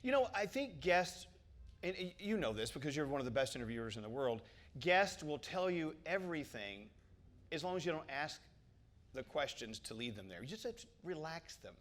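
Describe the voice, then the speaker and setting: A radio host, telling stories in an animated, jokey way on stage before a live audience. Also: male voice, fairly high pitch, moderate pace. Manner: animated storyteller, jokey and profane. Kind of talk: stage interview.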